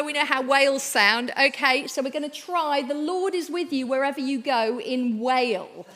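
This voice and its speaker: A woman's voice: high voice, a bit bright. A woman giving an all-age church talk, playful and encouraging as she speaks directly to the children. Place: church hall.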